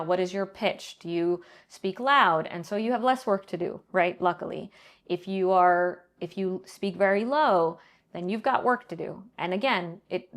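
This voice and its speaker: A middle-aged woman answering interview questions in a measured, explanatory way, often pausing to check in with "right?". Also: fairly low pitch. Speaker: guest, banking leader and professor.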